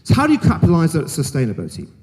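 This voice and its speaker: A middle-aged man delivers a conference keynote with a frank, jokey edge, his voice sitting high and swinging widely as he makes his points. The sound carries a long reverb from a large hall. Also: huge pitch swings, rapid-fire, a little mellow. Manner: frank, jokey and emphatic, talks straight to the audience. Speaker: keynote speaker.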